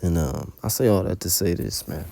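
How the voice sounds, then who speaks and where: Deep, warm, and creaky, this man's voice is animated and moves at a moderate pace. He's a religious teacher telling a dream as an informal testimony, using colloquial language packed with cursing.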